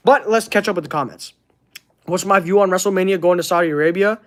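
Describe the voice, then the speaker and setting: A man from Canada, hosting a casual livestream and chatting with viewers in a halting, earnest way as he searches for words. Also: high-pitched. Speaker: wrestling channel host. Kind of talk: casual livestream chat reading comments.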